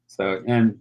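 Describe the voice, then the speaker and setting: Male guest with a Tennessee accent, easygoing and halting, on a video call. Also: fairly low pitch, muffled recording. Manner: easygoing, many fillers and restarts. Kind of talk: casual interview chat.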